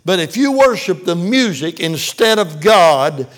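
A man's voice: high-pitched, very animated, measured pace. An older man, a pastor, telling stories in a sermon in a folksy way, often stumbling over and repeating words.

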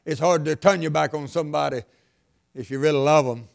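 An older man preaching a sermon, repeating lines for emphasis and swinging between loud and hushed delivery. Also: on the high side, fairly even intonation, brisk, creaky.

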